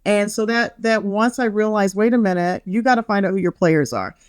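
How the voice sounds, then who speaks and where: A middle-aged woman who's a wellness author guests on a podcast for a casual interview chat, her medium-pitched voice a little fast and recorded dry in studio quality. She tells stories with bubbly energy, acting out quotes and laughing a lot.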